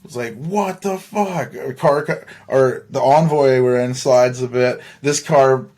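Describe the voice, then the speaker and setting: Young guy from saskatchewan rambling through a story on his podcast, mid-pitched voice, laughs a lot, swears. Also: flat delivery, measured pace, a little mellow. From Saskatchewan, Canada. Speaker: podcast host. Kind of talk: casual storytelling.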